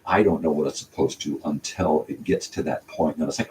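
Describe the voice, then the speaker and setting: An older man with a very low voice wanders through a casual, rambling monologue, stopping and restarting his thoughts. He sits some distance from the mic, and a faint hiss of room noise sits under his voice. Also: steady tone, a little fast, a little mellow. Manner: meandering, talks through his songwriting with many fillers and restarts. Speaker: channel host.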